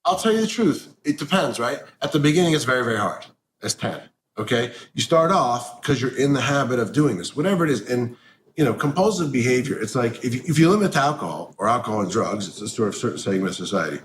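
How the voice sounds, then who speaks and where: A man's voice: mid-range voice, lively intonation, fast. Blunt, swearing man in an echoey room. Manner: blunt, swears freely, mocks people in a sharp voice. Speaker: interview guest. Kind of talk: candid interview talk. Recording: echoey room with faint noise.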